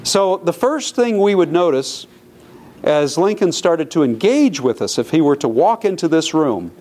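A man giving a lively public talk to a live audience, telling stories and putting questions to the listeners. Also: on the high side, normal speed. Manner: animated, storytelling, asks the audience questions. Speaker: lecturer.

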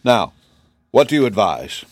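A man reading an audiobook voices a furious, bellowing male gnome king who shouts his commands. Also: fairly low pitch, big pitch swings, measured pace, no room sound, studio quality. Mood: grumbling.

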